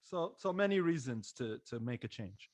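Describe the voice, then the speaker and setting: A man's voice: mid-range voice, very animated, normal speed, dry recording. A man from Maryland hosting a casual podcast conversation, earnest and often restarting his phrases. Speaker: podcast host.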